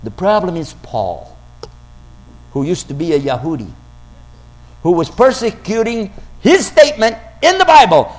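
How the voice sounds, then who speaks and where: Brief: high-pitched male preacher, argumentative, theatrical scripture quotes. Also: big pitch swings, unhurried, pauses often. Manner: argumentative, quotes scripture dramatically, rises to shouts. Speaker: Islamic preacher. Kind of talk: religious talk to an audience.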